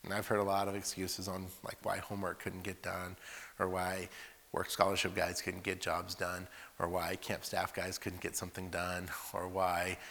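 Gravelly preacher in an echoey hall. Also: male voice, low-pitched, normal speed. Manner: lively storytelling, rhetorical questions. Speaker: preacher at a youth school and camp. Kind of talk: sermon with acted voices.

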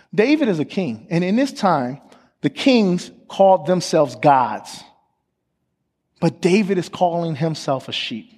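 In a church sanctuary with long, echoing hall reverb, a man delivers a sermon in a high-sitting, somewhat mellow voice. This pastor leads his congregation in call-and-response, asking questions, getting them to repeat his words, and slipping in jokes between his points.

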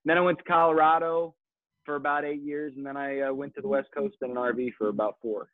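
A man's voice: medium pitch, steady tone, fast talker, no room sound. Comedian guest from Wyoming, man, playful banter over a thin lo-fi call line. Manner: joking, slips into put-on voices. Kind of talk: casual chat. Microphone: video call. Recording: tinny phone-like line.

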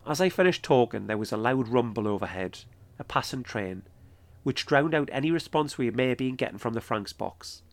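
A man narrates his own eerie experience as the host of a storytelling podcast. His delivery is measured and steady, and his voice sits at an ordinary pitch for a man. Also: no echo. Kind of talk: first-person storytelling narration.

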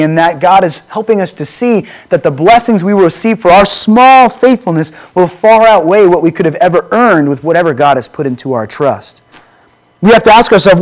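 Pastor guy preaching, slightly high voice, earnest, reads verses and asks the room stuff. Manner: earnest preaching, reads scripture aloud, asks the congregation questions. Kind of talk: sermon.

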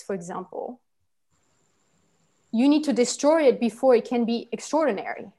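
In a teaching talk on personal growth, a woman leading the workshop speaks earnestly with a warm, fairly high-pitched voice. She often searches for words, relying on fillers and restarts.

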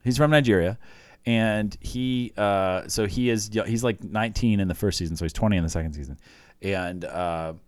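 A man's voice: on the low side, normal speed, no room sound. A man co-hosting a podcast, chatting casually and retelling TV scenes with many fillers and restarts. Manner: rambling, lots of fillers and restarts, retells scenes with quoted lines. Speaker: podcast co-host. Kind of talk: casual chat recapping a TV show.

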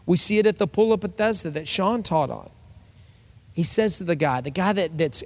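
A man's voice: high voice, quick pace. A male pastor preaching a conversational sermon to his church, acting out quotes in his telling.

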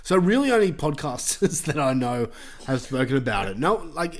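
A man's voice: mid-range voice, very animated, normal speed. A man hosting a podcast, chatting loosely with lots of fillers and casual swearing. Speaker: podcast host.

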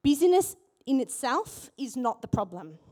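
A woman pastor preaching a sermon in church, animated and asking the congregation questions. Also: high-pitched, normal speed.

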